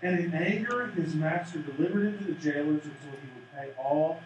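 A man's voice: a little high, a little fast, muffled recording, very noisy. A man preaching a sermon, acting out the voices in the parable as he retells it. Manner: animated, acts out the parable's voices. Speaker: pastor. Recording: echoey room from far off.

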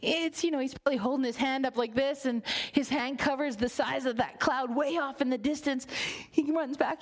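High-pitched woman preaching, tells the story and acts out the lines, whispers for emphasis. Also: normal speed. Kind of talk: sermon.

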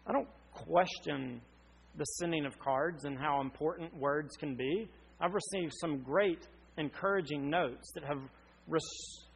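A man's voice: a little high, creaky, husky, poor audio. A man in his thirties, from North Carolina, preaching an earnest sermon with emphatic questions. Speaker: pastor.

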